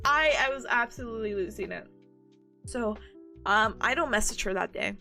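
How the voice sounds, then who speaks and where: A woman's voice: medium pitch, normal speed, gravelly, faint music behind. A woman in her twenties, a streamer, chatting casually and acting out the people in her story. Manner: animated, acts out quoted people.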